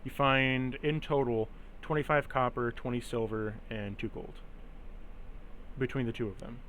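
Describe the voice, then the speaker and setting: A man running a tabletop game, reading out loot lists in an even, steady way. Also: medium pitch, moderate pace, a little hiss or hum, rough recording. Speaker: game master.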